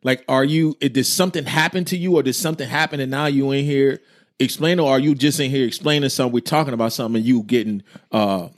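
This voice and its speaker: Relaxed man mulling things over. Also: mid-range voice, fast talker, no room sound, clean studio sound. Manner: relaxed, thoughtful, reads listener comments aloud. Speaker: podcast co-host. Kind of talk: casual chat.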